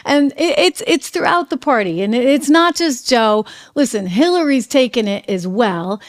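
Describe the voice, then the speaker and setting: A middle-aged woman hosting a political commentary show, talking in a sarcastic, animated way to her viewers. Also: mid-range voice. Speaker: host.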